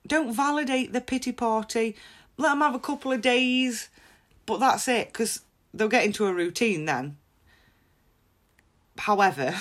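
Blunt, laughing woman. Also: mid-range voice. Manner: blunt and frank, laughs often. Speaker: podcast host. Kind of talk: candid personal advice talk.

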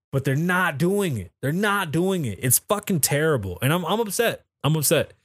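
This adult man, who jokes that he's too old for festivals, runs a casual solo podcast from home in Las Vegas, riffing crudely and bluntly on pop culture and the city. His voice sits at a medium pitch, captured with clean studio sound and no room noise.

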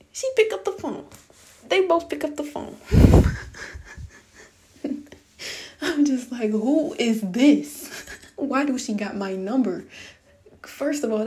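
A woman's voice: on the high side, mellow. Profane, fed-up young woman telling a story. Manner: blunt, profane, exasperated, addresses viewers. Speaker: vlogger. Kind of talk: casual storytime rant.

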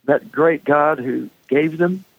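Older man with a gravelly, fairly high voice. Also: slow, dry recording, phone-quality sound. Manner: humorous, self-deprecating storyteller. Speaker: singer and songwriter. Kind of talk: casual conversation.

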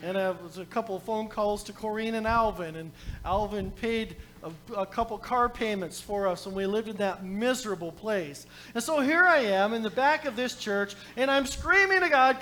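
Animated preacher man telling a story. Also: high voice, normal speed. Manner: animated storytelling, swinging from loud calls to quiet reading; joking asides to the congregation. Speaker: pastor. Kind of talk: sermon.

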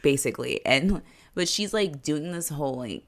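A woman with a notably low voice and a gravelly fry runs through a TV episode recap as a podcast co-host. Her talk is loose and rambling, full of fillers and wry, sarcastic asides. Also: lively intonation, moderate pace. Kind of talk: casual chat.

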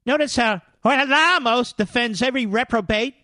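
Combative high-voiced male radio host. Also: moderate pace, bright, forceful tone, dry recording, studio quality. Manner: combative, sarcastic, mocking. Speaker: radio talk show host. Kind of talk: political talk radio monologue.

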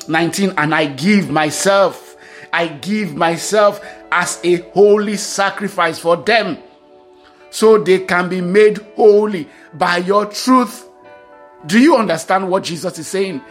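Male preacher, high register, emphatic, repeats lines for effect, soft music underneath. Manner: emphatic, repeats key phrases, reads scripture aloud. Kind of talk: sermon.

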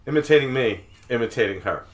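A woman's voice: rumbling low, animated, fast. A woman co-hosting a podcast with dry, blunt, wry remarks in casual banter. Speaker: podcast co-host. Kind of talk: casual late-night banter.

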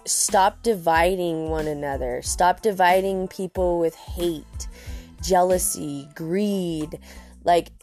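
Slow-talking podcast host woman. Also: fairly low pitch, a little mellow. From Colorado, USA. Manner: candid, frequent fillers, drawn-out. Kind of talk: casual monologue.

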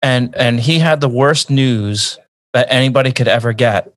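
A man speaks earnestly in casual conversation, his pitch sitting in the middle of the range. He often repeats words as he searches for what to say next. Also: moderate pace. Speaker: guest.

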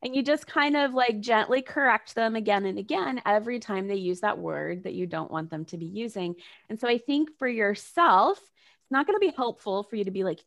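A woman hosting a casual conversation, animated and chatty, laughing easily and leaning on "like" as a filler. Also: medium pitch, fairly quick, creaky. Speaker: podcast host.

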